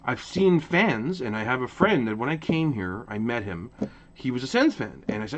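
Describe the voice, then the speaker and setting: A hockey channel host from Ottawa, Canada, delivers a casual opinion rant to camera in a brisk, medium-pitched voice. He's passionate and animated, restarting his sentences again and again.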